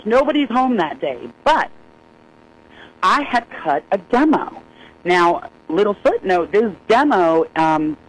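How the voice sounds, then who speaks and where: A woman in her sixties, a singer-songwriter guest, telling a story in a folksy, lively way and laughing often. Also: mid-range voice, poor audio. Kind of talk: animated storytelling.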